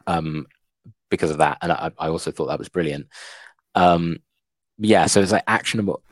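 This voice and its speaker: Deep-voiced man, thoughtful. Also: moderate pace, dry recording. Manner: thoughtful, hesitant with fillers. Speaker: podcast co-host, English teacher. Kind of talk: casual book-discussion chat.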